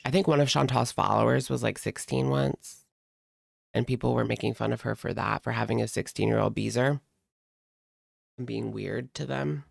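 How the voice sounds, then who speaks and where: Gravelly-voiced chatty man. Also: medium pitch, steady tone, moderate pace, no echo, clean studio sound. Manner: chatty, frequent "like" fillers, laughs often. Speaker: livestream commentary host. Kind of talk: casual chat reading viewer comments.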